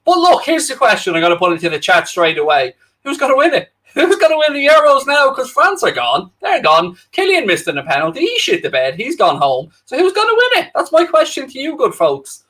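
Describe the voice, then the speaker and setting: Bright, chatty Irish guy. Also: extremely high pitch, wildly swooping pitch, brisk, hardly any pauses. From Ireland. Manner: chatty, jokey, addresses viewers directly. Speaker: co-host of a football watchalong livestream. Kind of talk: casual livestream chat reading out viewer comments.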